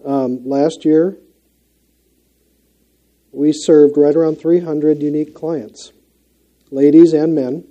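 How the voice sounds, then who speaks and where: A man's voice: fairly high pitch, fairly even intonation, takes it slowly, pauses often, warm tone, highs cut off. A middle-aged man with a Minnesota accent gives an earnest, conversational sermon as a guest preacher, with frequent fillers and restarts.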